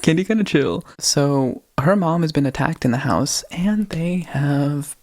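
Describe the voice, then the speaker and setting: Speaking slowly in a fairly high voice with a darkish tone, a man co-hosts a casual podcast. He recounts a ghost video in a meandering way, frequently breaking off to fix what he said and to giggle.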